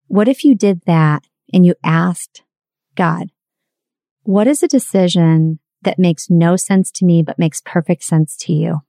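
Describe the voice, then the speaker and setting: A woman's voice: lowish voice, measured pace, vocal fry, mellow, no room sound, clean studio sound. A woman in her forties sharing a candid, confessional personal story and reflecting on parenting.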